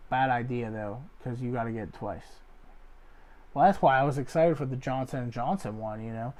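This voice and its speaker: A young man, a comedy show host, rambling through a loose joke monologue full of fillers and deadpan asides. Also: medium pitch. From Ohio area. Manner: loose, filler-heavy, deadpan jokes with acted quotes. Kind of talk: rambling stand-up style monologue.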